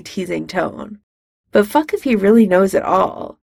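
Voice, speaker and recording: A woman's voice: medium pitch, expressive, moderate pace, creaky, a little mellow, no echo, clean studio sound. A woman reading fiction aloud in a wry, conversational narrating voice. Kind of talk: fan fiction audiobook reading.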